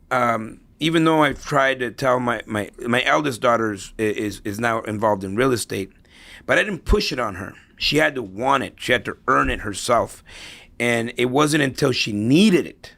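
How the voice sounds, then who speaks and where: A middle-aged man talks as a guest in a relaxed interview, his voice rough with vocal fry and sitting at a medium pitch. He tells stories and checks in with the listener by asking "right?" after his points. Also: normal speed. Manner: storytelling, tags points with "right?". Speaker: interview guest, real estate investor. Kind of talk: casual conversational interview.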